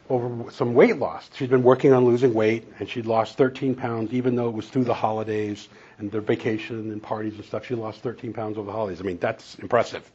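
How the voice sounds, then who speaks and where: A man's voice: mid-range voice, darkish tone, breathy edge, highs cut off. A man preaching a sermon in a conversational, storytelling way, chuckling now and then. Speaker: pastor and counselor.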